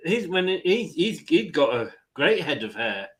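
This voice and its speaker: A man with a notably high voice commentates a live football match for fellow fans. He is excitable and quick to laugh. His delivery is casual and chatty. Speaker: watchalong host.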